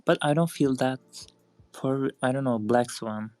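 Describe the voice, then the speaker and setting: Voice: mid-range voice, unhurried, a little mellow, no room sound. A podcast co-host chatting casually about a game, hesitant and full of "you know" fillers and restarts. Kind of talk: casual chat.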